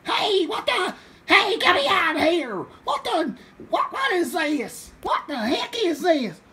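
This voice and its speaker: A woman plays a bumbling backwoods farmer in a puppet comedy, hollering and cackling in folksy rural slang. The voice sits high and swoops widely, and the drawl is slow and drawn out. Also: sing-song, full character voice. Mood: panicked. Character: bumbling hillbilly male turkey-hunting farmer. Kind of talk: puppet show comedy acting.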